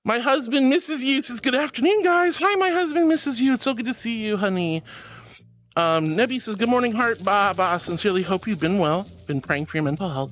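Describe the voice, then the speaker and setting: A man's voice: sits high, animated, fairly quick, fairly bright tone, soft background music. A man streaming as a VTuber, reading chat aloud and answering viewers with affectionate pet names and giggles. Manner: affectionate, calls viewers darling and sweetheart.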